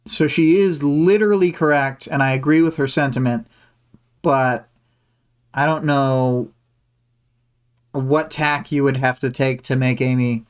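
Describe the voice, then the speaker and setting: Stream host going over a chapter, rambly and hesitant, smooth clear voice. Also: medium pitch. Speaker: livestream host. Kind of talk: casual chapter discussion.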